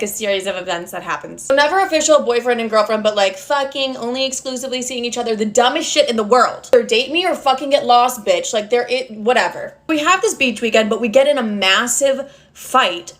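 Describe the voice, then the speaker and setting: A woman's voice: fairly high pitch, a bit bright. A woman in her twenties telling a storytime to camera, chatty and profane, with lots of "like" fillers. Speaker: storytime vlogger. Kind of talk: casual storytime monologue.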